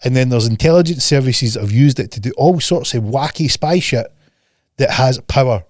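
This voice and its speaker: A man's voice: medium pitch, animated, normal speed, darkish tone, no room sound, studio quality. A man hosting a podcast in a casual chat, ranting bluntly and profanely and mocking people with put-on voices. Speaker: podcast host.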